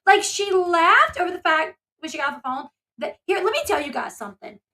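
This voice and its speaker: A woman's voice: very high-pitched, big pitch swings, fairly quick, sharp tone. A woman hosting a casual commentary video, talking in a rambling, emphatic way and often stopping to restart her thoughts. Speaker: commentary channel host; mother.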